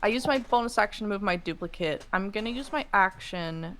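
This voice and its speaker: A woman's voice: mid-range voice, lively intonation, brisk, fairly bright tone, a little hiss or hum. A woman playing a tabletop game, flustered and apologetic, swearing casually as she takes her turn. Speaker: player.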